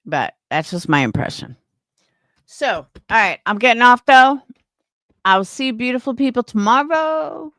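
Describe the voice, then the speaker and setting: A woman's voice: on the high side, expressive, unhurried, fairly bright tone, no room sound, studio quality. A woman live streamer chatting casually with her viewers, opinionated and rambling, restarting her sentences.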